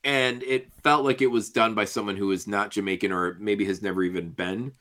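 A man's voice: on the low side, fairly even intonation, brisk, a bit bright. A man co-hosting a podcast in casual discussion, joking and laughing often. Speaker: podcast co-host.

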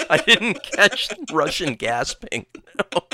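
A man co-hosting a podcast in casual chat, agreeable and thoughtful, with many hesitations and quiet murmurs of agreement. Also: fairly high pitch, big pitch swings, takes it slowly. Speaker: podcast co-host.

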